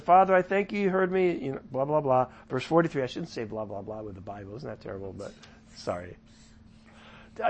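A man leading a casual Bible study, paraphrasing scripture in his own words with chatty asides and swinging from loud to soft. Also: fairly high pitch. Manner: lively shifts from loud to soft.

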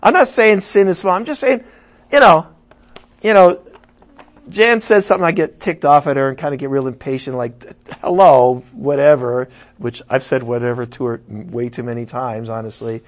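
A man preaching a sermon, animated, swinging from loud emphasis to muttered asides. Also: medium pitch, normal speed.

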